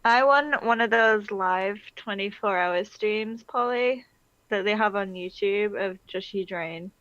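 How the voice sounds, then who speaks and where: A woman co-hosts a casual livestream and drops dry, teasing one-liners. She speaks slowly and unhurriedly. Her voice comes through dull, lo-fi stream audio. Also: medium pitch, a bit bright. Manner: slow, dry quips. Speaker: co-host.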